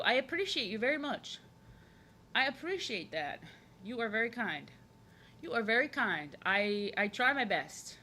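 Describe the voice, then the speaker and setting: A woman's voice: mid-range voice, a little hiss or hum. Bubbly, overexcited young woman streamer. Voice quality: youthful, like an excited little boy. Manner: overexcited, chatty, repeats herself. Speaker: streamer drawing live. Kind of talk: casual chat while drawing.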